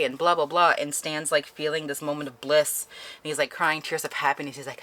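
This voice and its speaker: A woman's voice: low-pitched, fairly even intonation, a little fast, sharp tone. A young woman chatting animatedly through a book review, laughing often as she retells the plot. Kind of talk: casual spoken book review.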